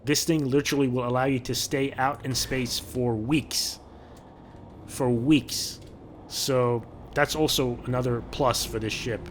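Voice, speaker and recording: A man's voice: medium pitch, fairly even intonation, a little slow, slight background noise. A man giving casual, chatty commentary over gameplay, often repeating words as he thinks aloud. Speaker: gaming video creator.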